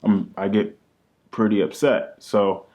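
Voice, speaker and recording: Laid-back young man, low voice. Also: steady tone, takes it slowly, a little mellow, muffled recording. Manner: laid-back, joking, says "man" often. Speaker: co-host, husband. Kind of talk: casual couple chat.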